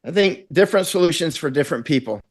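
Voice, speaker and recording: A middle-aged man from Florida, a war correspondent, is a guest in a conversational interview. His voice is a little high and animated, his pace quick, and he talks intensely and ramblingly, acting out quotes.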